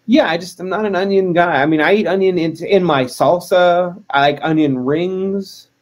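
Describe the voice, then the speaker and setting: A man's voice: sits high, moderate pace. Give me a man chatting in an interview, playful and self-deprecating. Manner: joking, self-deprecating, animated. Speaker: wrestler, interview guest. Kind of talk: casual interview chat.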